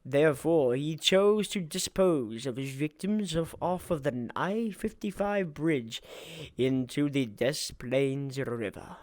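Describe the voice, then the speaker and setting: A man's voice: on the high side, slow pace, darkish tone, no room sound. A man co-hosting a casual true-crime podcast, reading case notes aloud, tripping over names and swearing casually.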